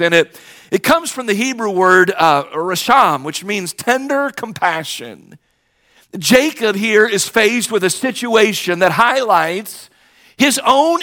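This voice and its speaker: His pitch is fairly high and a bit bright as this middle-aged pastor shares a personal story from the pulpit. He narrates conversationally and performs the different voices of the people he quotes.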